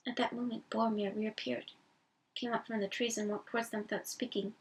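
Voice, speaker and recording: A woman reading a bedtime story aloud in a calm, unhurried way. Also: on the high side, husky. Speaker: reader. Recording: voice from a distance.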